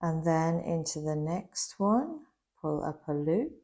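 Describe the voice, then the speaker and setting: A woman's voice: low-pitched, very animated, mellow, lo-fi sound. A woman giving a patient step-by-step crochet lesson, her voice slightly worn as she is losing it a bit. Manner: slow, patient, instructional. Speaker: crochet instructor. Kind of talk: step-by-step craft tutorial.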